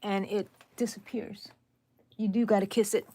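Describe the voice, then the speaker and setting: A woman hosting a live crochet stream, chatting casually with viewers while she works and counting her stitches out loud. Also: mid-range voice, flat delivery, normal speed, background noise. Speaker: crochet channel host. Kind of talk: live crochet tutorial chat.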